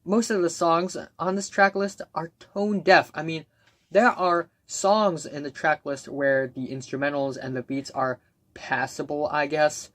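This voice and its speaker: A man's voice: a little high, level tone, measured pace, fairly bright tone, no room sound. A young man giving blunt, scornful album reviews in a ranked countdown, with frequent ums and uhs. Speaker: music reviewer.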